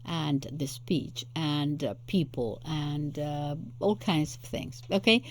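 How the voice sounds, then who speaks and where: A woman's voice: low-pitched, slow pace. A woman host giving unscripted solo commentary, thinking aloud as she muses and searches for words. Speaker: channel host.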